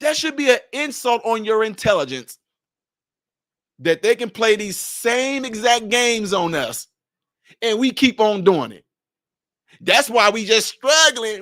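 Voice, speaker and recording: A man's voice: sits high, big pitch swings, a little slow, pauses often, a bit bright, no room sound, clean studio sound. A man delivering a confrontational commentary rant, scolding and sarcastic, hammering rhetorical questions. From Chicago area.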